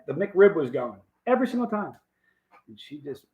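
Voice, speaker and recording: A man's voice: a little high, lively intonation, moderate pace, dark tone, poor audio. A man hosting a livestream, rambling in a folksy, casual way and reading out viewer comments. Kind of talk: casual chat.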